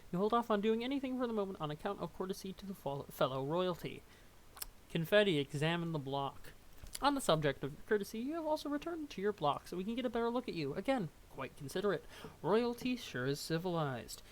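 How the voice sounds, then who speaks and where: A young adult reads a webcomic aloud in a sing-song, medium-pitched voice, going a little fast. They trip over words, laugh, and toss in joking asides.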